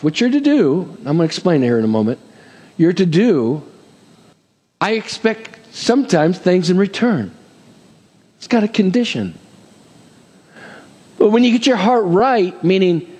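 A man's voice: on the high side, darkish tone, long reverb tail. A man pastor preaching a sermon in a conversational way, with joking asides and repeated calls of "Amen?" to the congregation.

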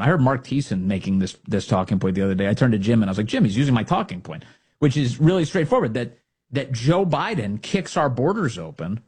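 A man hosting a political talk show, his voice a little husky and sitting slightly high for a man. He swings his pitch widely, going from sarcastic to combative in a mocking monologue. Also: darkish tone. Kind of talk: opinionated talk radio monologue.

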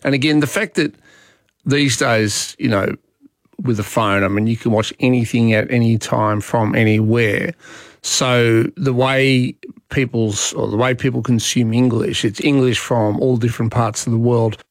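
An Australian man of middle pitch hosting talkback radio, chatty and opinionated as he wanders between topics. He is recorded close on a studio mic, and the sound is dry with no room around it. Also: steady tone, measured pace, no echo. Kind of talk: talkback radio monologue and calls. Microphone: studio microphone.

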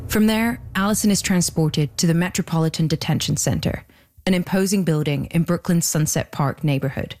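Low-voiced woman narrating a documentary podcast. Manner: measured, even storytelling delivery.

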